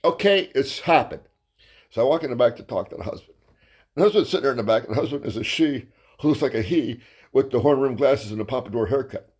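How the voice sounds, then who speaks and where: Profane ranting male comedian, swinging pitch. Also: lively intonation, fast talker, darkish tone, husky. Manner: rambling, crude, ranting, trips over his words. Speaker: stand-up comedian. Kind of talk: profane comic storytelling monologue.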